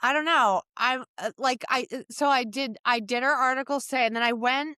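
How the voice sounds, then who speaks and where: A woman's voice: high-pitched, clean tone, no echo, clean studio sound. A woman co-hosting a dog training podcast, telling a rambling story in casual chat. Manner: lively, rambling storytelling with quick restarts. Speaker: podcast co-host.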